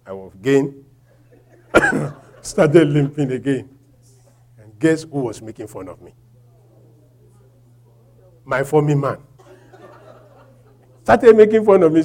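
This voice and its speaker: Animated Nigerian man preaching. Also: a little high, takes it slowly, pauses often. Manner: animated storytelling, laughing, shouting when acting out quotes. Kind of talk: sermon with a personal story.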